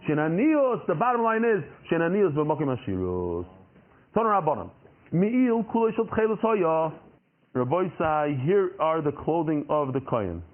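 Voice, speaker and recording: A man's voice: fairly high pitch, very animated, normal speed. Man teaching a class over a tinny line. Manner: explains by asking and answering his own questions. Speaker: Talmud teacher. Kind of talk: classroom Talmud lesson. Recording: tinny phone-like recording.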